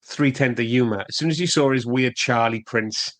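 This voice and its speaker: A man co-hosting a podcast, chatting casually about films, blunt and sweary, with quick interjections. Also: mid-range voice, a bit bright. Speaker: podcast co-host. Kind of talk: casual film chat.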